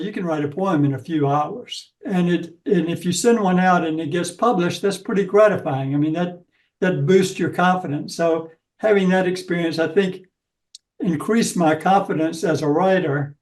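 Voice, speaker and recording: A man's voice: fairly high pitch, a little mellow, distant mic, rough recording. A man in his seventies from Georgia, a guest author answering interview questions in a reflective, hesitant way. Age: 70s. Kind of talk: casual interview talk.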